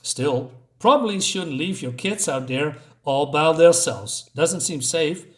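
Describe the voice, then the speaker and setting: A man's voice: a little high, takes it slowly. A man voicing an unhinged, cheerful young woman who talks in a falsely sweet, sing-song way. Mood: teasing.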